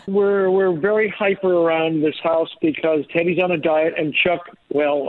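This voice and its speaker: A man, a comedian and ventriloquist, chats playfully as a radio guest. His voice sits high for a man. The audio is dull and lo-fi, like a radio. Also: steady tone, a little slow, hardly any pauses. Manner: chatty, playful. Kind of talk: radio interview chat.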